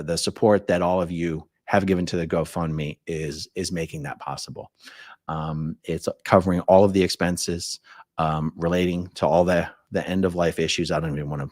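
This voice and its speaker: A man's voice: very deep voice, dry recording, clean studio sound. An American man hosting a casual livestream, reading viewer comments aloud in an easygoing way. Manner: conversational, reads viewer comments aloud, many fillers. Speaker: livestream host filling in.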